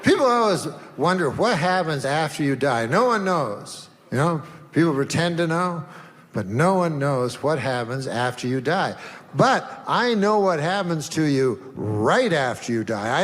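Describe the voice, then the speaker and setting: A man doing dark stand-up, with a deliberate deadpan delivery and long pauses. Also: on the high side, big-room sound. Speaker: stand-up comedian. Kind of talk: stand-up routine.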